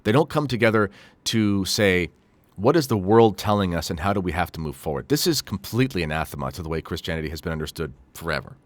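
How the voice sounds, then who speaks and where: Low-voiced man reading and critiquing news. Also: lively intonation, fast. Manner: critical, sarcastic asides, frequent fillers. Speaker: host.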